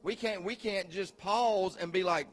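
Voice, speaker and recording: A man pastor preaching informally to a recovery group, repeating himself and asking the room questions, dropping low and slow and then rising to shouts. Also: faint music behind. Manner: swings from quiet and slow to loud and shouting.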